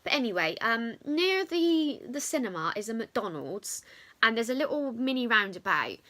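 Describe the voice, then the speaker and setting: Animated young woman vlogger. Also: a little high, moderate pace. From England. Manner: chatty, animated retelling with many fillers. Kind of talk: storytime vlog.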